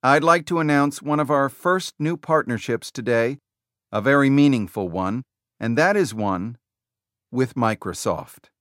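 A confident tech executive speaking to a keynote crowd, as a male narrator quotes him. The words come deliberate and slow, with weight on each phrase. The recording is close and dry. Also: mid-range voice, a bit bright, dry recording, close to an everyday voice. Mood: emphatic. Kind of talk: quoted speech within audiobook narration.

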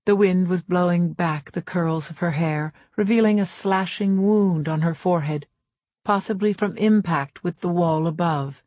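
A woman narrating a novel in the first person, in a measured, reserved way. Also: lowish voice, a little mellow, no echo, studio quality. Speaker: audiobook narrator. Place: recording studio. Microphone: close studio mic.

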